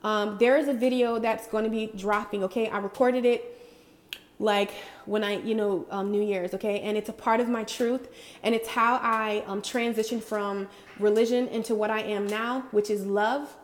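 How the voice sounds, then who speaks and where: A woman's voice: mid-range voice, steady tone, normal speed, a little hiss or hum. A woman vlogger giving a casual, bubbly spiritual pep talk to her viewers, slangy and affectionate, laughing often. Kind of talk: casual motivational talk to camera.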